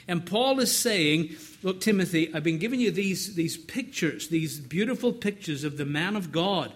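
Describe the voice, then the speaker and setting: A man's voice: a little high, lively intonation, moderate pace. A middle-aged man preaching a sermon in an earnest, conversational way, often repeating words as he builds up.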